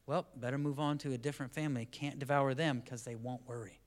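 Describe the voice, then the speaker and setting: A man voicing the devil as a prowling, hungry male figure, speaking low and slow in a scheming mutter during a sermon. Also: fairly even intonation, lightly acted.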